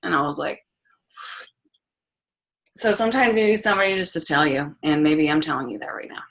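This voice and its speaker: Blunt, bright-toned woman coach. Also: low-pitched, expressive, fairly quick. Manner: candid, blunt, frequent "like" and swearing. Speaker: fitness and business coach hosting a group call. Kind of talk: casual motivational talk.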